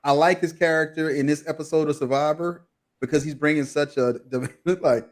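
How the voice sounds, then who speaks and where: A man's voice: fairly high pitch, brisk. A man hosting a podcast recap, playful and drawling. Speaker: podcast host. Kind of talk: casual recap chat.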